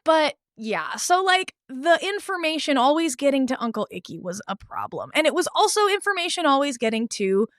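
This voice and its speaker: A woman's voice: sits high, sing-song, normal speed, hardly any pauses, fairly bright tone, no echo, clean studio sound. A young woman co-hosting a podcast, talking candidly and swearing freely as she recounts experiences. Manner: candid, swears freely, acts out quoted people. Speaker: podcast co-host. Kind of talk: casual chat, recounting experiences.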